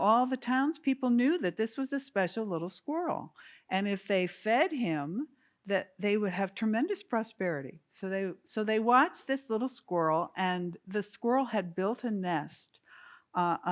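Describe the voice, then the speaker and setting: Earnest woman telling a sermon story. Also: fairly low pitch. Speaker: service speaker.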